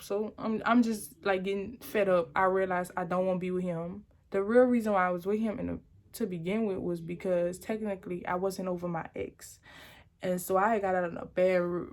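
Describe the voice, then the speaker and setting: Chatty young woman telling a story. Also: mid-range voice. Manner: chatty, rambling, dramatic retelling. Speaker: vlogger. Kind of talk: storytime vlog.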